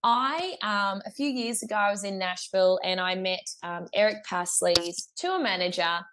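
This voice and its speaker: A woman's voice: medium pitch, normal speed, fairly bright tone. A young woman with an Australian accent, a guest musician telling a story in a casual interview, chatty, laughing often, with lots of fillers and restarts.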